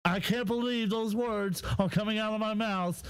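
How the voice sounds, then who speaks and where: A man hosting a live commentary stream, voice pitched high for a man. He rants with heavy profanity in a flat, deadpan way. The sound is dry and close with no room echo. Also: normal speed, smooth. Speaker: host.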